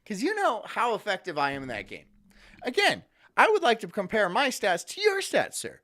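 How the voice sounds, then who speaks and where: Relaxed male streamer reading chat, teasing, lively and bright. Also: high-pitched, normal speed. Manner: laid-back, teasing, reads out chat messages. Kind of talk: casual live-stream chat.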